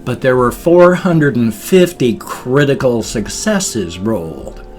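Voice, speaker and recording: A man's voice: mid-range voice, expressive, slow, darkish tone, soft background music. A man in his fifties, vlogging in a rambling, playful way and dropping silly sound effects into his talk. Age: 50s. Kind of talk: casual vlog monologue.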